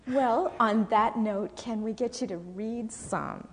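A woman's voice: a little high, slow pace, background noise. A woman interviewer on a live stage, asking her guest questions in a friendly way.

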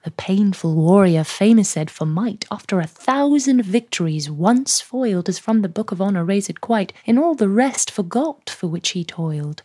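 A woman with a received pronunciation British accent, reading sonnets aloud in a measured, soft manner that lingers on lines. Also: mid-range voice, animated, dry recording, clean studio sound. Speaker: podcast host. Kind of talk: poetry reading.

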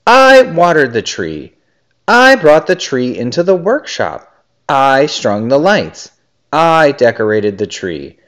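A man's voice: fairly low pitch, darkish tone. A man voicing a dedicated, cheerful little female elf in a storybook reading, sweet and upbeat. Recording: dull lo-fi recording.

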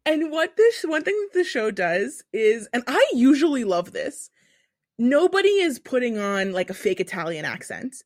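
Animated young woman telling a story. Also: a little high, moderate pace, dry recording, clean studio sound. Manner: animated, profane storytelling with asides. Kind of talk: casual chat.

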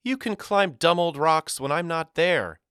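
A man voicing a spirited, bossy young girl with a high, sharp voice in an audiobook. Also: lively intonation, moderate pace, no room sound, studio quality. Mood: insistent.

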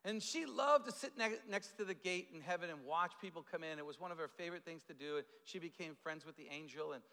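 A man preaches in a church hall, his voice high and bright. He tells stories animatedly, full of fillers and restarts. A long reverb trails his words. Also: fast. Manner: animated storytelling with fillers and repeated starts. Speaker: pastor. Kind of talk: sermon.

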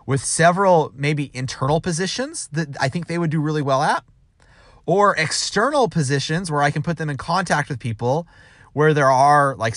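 A man's voice: fairly high pitch, fairly bright tone, no room sound, clean studio sound. A man giving casual advice as a sales manager, rambling with restarts and acting out quoted dialogue.

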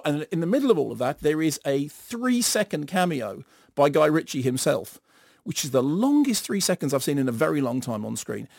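A middle-aged man giving an animated, sardonic film review in a radio studio, acting out bits in silly voices. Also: a little high, moderate pace, gravelly, dry recording. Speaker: film critic.

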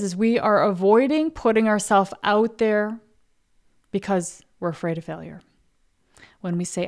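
Speaking in a mid-range, slightly mellow voice at a measured pace with long pauses, this woman coaches artists on her podcast. Her casual motivational talk is blunt and full of swearing, and she plays out the doubting inner voice of her audience.

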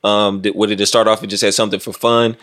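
A man's voice: on the low side, level tone, quick pace, a bit bright. A young man hosting a podcast in a studio, chatting loosely in slang with plenty of swearing. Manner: loose slangy banter with profanity. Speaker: podcast host. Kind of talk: casual podcast chat.

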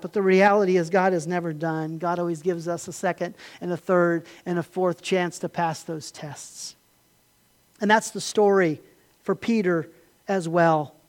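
A high-voiced male pastor delivers an impassioned sermon, rising to emphatic peaks and then dropping quiet.

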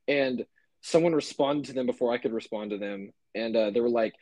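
A man's voice: medium pitch, fairly quick, darkish tone, no echo. A young man co-hosting a podcast, telling a story in a loose, rambling way with lots of "like" and swearing. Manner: rambling, swears a lot, many fillers. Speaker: podcast co-host. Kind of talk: casual chat.

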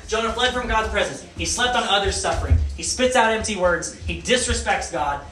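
Man preacher, high and bright voice, animated delivery full of questions to the crowd, echoey hall. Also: a little hiss or hum. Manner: animated, asks the audience questions. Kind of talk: sermon. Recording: echoey room.

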